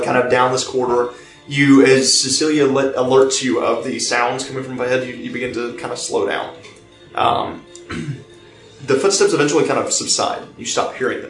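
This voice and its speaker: A man narrating as game master of a tabletop game, pausing and restarting as he describes scenes. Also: mid-range voice. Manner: halting, many fillers and restarts while describing scenes. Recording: roomy, distant mic, faint music behind.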